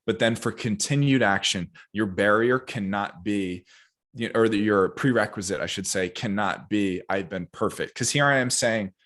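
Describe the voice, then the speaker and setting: A man with a very low voice speaks as a guest nutrition coach on a podcast interview. He talks energetically and emphatically, breaking into animated asides. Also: normal speed.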